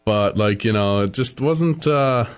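A man's voice: medium pitch, measured pace, smooth, soft background music. A man co-hosting a podcast in easygoing casual chat, often saying "like" between thoughts. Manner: easygoing, lots of "like" fillers. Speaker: podcast co-host.

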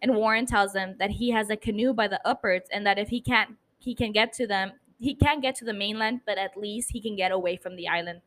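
A woman's voice: medium pitch, steady tone, fairly quick, hardly any pauses, fairly bright tone. A woman hosting a podcast, recapping a TV episode in casual, chatty talk with casual swearing and self-mocking laughs. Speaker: podcast host.

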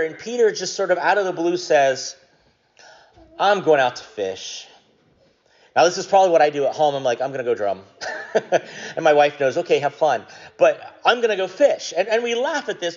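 Guy giving a casual jokey sermon, kinda high voice, dull lo-fi sound. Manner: conversational, jokey, many ums. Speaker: pastor. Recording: dull lo-fi recording.

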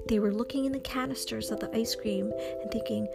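A woman telling an improvised children's story slowly and expressively, with sound effects and gasps. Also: fairly high pitch, fairly even intonation, vocal fry. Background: music.

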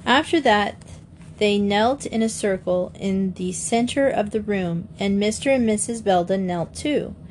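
A woman narrating a children's mystery audiobook in a measured, gentle storytelling voice. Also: medium pitch, slight background noise.

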